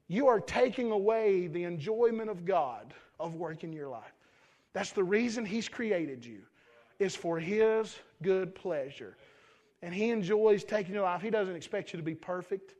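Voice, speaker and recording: A man's voice: high voice, darkish tone. A male preacher giving an earnest sermon, often repeating and restarting his words, then leading a closing prayer.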